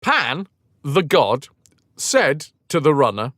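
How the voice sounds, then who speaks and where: Sarcastic man with lively pitch. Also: slow, dry recording, studio quality. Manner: sarcastic, joking. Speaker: streamer. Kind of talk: reading history aloud with comic asides.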